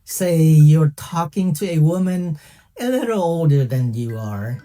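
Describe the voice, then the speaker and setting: A man's voice: fairly high pitch, expressive, measured pace, warm tone, faint music behind. A man teaching a casual language lesson, chatty and playful, often checking in with "okay?". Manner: playful, laughs at own jokes.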